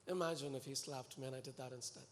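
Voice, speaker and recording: A man's voice: mid-range voice, fast, slight background noise. Earnest man preaching in an echoey hall. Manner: earnest and animated, pleading and exhorting the congregation. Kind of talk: sermon. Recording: echoey hall with long reverb.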